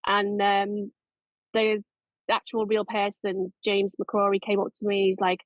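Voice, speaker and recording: A woman's voice: mid-range voice, completely flat delivery, a little slow, no echo. A middle-aged woman, a makeup and effects artist, chatting in an interview in a rambling way with many restarts. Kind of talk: casual interview chat. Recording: dry, tinny phone-like line.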